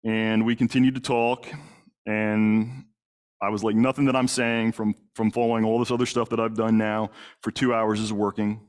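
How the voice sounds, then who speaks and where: A man's voice: on the low side, level tone, moderate pace, clean tone. A middle-aged man, a police detective, telling a story in a lecture, plain-spoken, with many fillers and restarts. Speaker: police detective and crisis negotiator. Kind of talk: lecture to a congregation audience.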